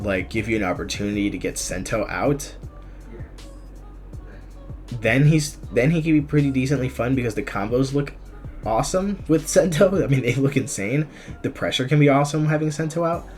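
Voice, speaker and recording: A man's voice: mid-range voice, darkish tone. A young man giving casual, chatty commentary for his gaming channel, full of ums and restarts as he ranks characters. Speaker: gaming YouTuber. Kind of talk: casual commentary on a fighting game tier list. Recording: faint music behind the voice.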